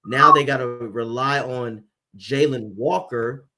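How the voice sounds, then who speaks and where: A man's voice: mid-range voice, slow pace, bright, forceful tone. A man hosting a live sports fan stream, making emphatic game predictions and calling his co-host by name.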